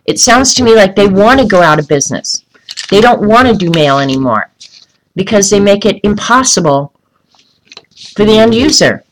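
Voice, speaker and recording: A woman's voice: mid-range voice, lively intonation, moderate pace, rough recording. A woman talks casually into a desk mic while she colors on a live stream. She rants and replies to viewers by name. There is a faint hiss behind her voice. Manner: chatty, ranting, answers viewer comments by name. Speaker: livestream host coloring art.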